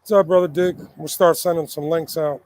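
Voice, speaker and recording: A man's voice: fairly high pitch, fairly even intonation, brisk, a little mellow, dry recording, low-quality recording. A man co-hosting a casual livestream, blunt and profane, protective of his friends. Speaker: livestream co-host.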